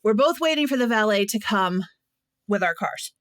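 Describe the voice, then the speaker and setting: A woman co-hosting a podcast, telling animated stories in casual chat and laughing often. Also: medium pitch, moderate pace, no echo. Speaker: podcast co-host. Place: Nashville.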